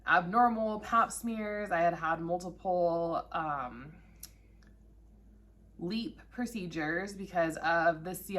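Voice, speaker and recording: Her voice sits fairly low with a bit of brightness as this vlogger in her thirties tells the camera her own cancer story. She keeps it candid and conversational, often emotional along the way.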